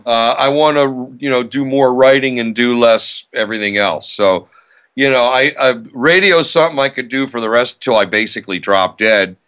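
A fairly bright, clean, mid-range male voice at a moderate pace belongs to an older man, an author and radio host. Casual and eager in a podcast interview, he chats, promotes himself, and restarts frequently.

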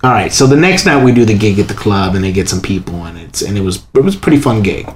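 Animated man telling a story in an echoey room. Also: quick pace, slight background noise. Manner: animated, acts out quoted voices in a high pitch. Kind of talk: casual storytelling. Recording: echoey room with faint ambience.

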